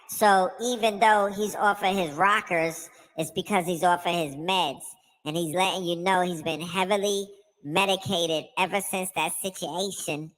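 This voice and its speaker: A woman co-hosts a casual podcast with a slightly low voice. Her talk is profane and slangy, and she keeps checking in with her listeners. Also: fairly bright tone, rough recording. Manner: profane, slangy, keeps asking "you know what I mean". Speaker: podcast co-host. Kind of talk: casual conspiracy commentary.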